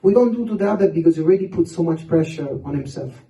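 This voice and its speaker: A man's voice: on the high side, animated, fast, warm tone. A man telling humorous stories at a youth seminar, often laughing as he speaks. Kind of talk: humorous storytelling talk. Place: large hall. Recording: roomy hall, distant mic.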